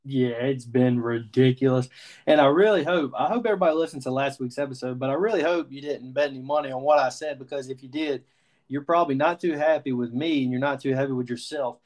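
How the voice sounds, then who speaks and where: A young adult man from the Southern United States co-hosting a podcast, telling a lively story in casual sports talk and acting out his own reactions. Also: medium pitch, fast. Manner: animated storyteller, quotes himself. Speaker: podcast co-host.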